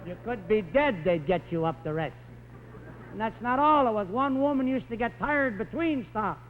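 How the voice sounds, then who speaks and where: High-voiced wisecracking comedian. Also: male voice, expressive, normal speed, in a large hall. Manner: wisecracking, rambling anecdotes. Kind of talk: stand-up storytelling. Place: telethon stage. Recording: tinny 1950s broadcast recording, faint hiss.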